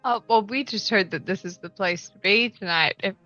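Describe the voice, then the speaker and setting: Woman player at a tabletop game, bright voice, slow and laid back, dull dry mic. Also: mid-range voice, no echo, soft background music. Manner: relaxed and playful, laughing between lines.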